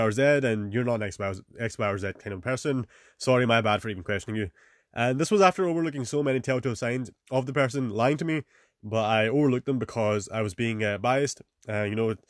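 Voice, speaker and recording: Fast-talking casual man, dry close sound. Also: lowish voice, no room sound. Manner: casual, peppered with "man", swears, fillers. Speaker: podcast host. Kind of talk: casual advice monologue.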